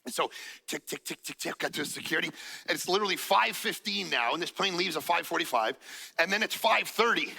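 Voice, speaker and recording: A man's voice: fairly high pitch, a little fast, gravelly, breathy edge. A man preaching as a pastor, telling a story and acting out what people said, with jokes along the way. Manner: animated, acts out quotes, jokes. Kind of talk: sermon with storytelling. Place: church auditorium. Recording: hall reverb from church stage.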